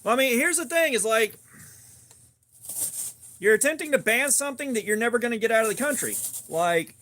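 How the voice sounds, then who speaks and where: A man's voice: very high voice, expressive, pushed and bright. A man hosting a casual livestream, joking and rambling as he answers viewer comments. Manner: joking, rambling, quick asides. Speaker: livestream host. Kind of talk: casual live chat reading comments.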